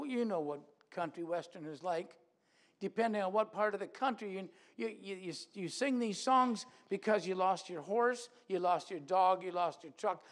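A high-pitched man preaches a sermon in a church, animated and acting out quoted voices, with big swings in loudness.

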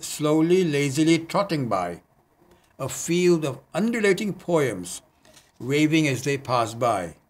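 A man with a somewhat raised pitch recites his own poetry. His delivery is earnest and measured, and he pauses for hesitant asides between poems. He is reading in a community TV studio. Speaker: poet.

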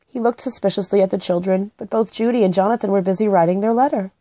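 A woman gently and expressively reading a children's book aloud. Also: medium pitch, fast talker, dry recording. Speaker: storybook reader.

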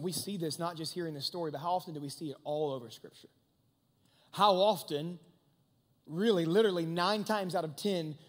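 A young man with a high voice preaches to a youth crowd in a relaxed, animated way. He often turns to ask the crowd questions. His voice rings out through the long reverb of a large hall. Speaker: youth pastor. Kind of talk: youth sermon. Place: large hangar used as a church hall.

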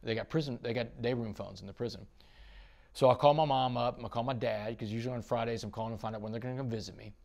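Middle-aged man, gravelly, animated interview storyteller. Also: mid-range voice, quick pace. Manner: animated storyteller, quotes others, swings loud and soft. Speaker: podcast guest.

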